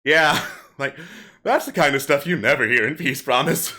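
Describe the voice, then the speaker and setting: A man's voice: medium pitch, moderate pace, sharp tone. A man narrating a tabletop game as game master, laid-back and chuckling, with many fillers.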